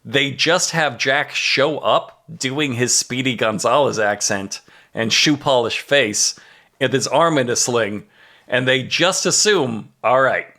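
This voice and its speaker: A man's voice: medium pitch, animated, takes it slowly, sharp tone. A man on a comedy podcast, animatedly retelling a TV episode's plot in casual chat and laughing at his own jokes. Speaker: podcast co-host recapping an episode.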